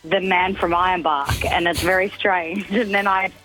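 A woman's voice: on the low side, steady tone, moderate pace, fairly bright tone, soft background music, rough recording. An Australian woman, a mother called live on a radio show, flustered and laughing it off. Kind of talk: phone call to a radio show.

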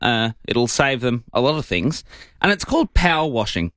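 Playful, animated male radio co-host. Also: medium pitch, moderate pace, dry recording, clean studio sound. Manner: playful, lively, jokey delivery. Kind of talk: breakfast radio banter.

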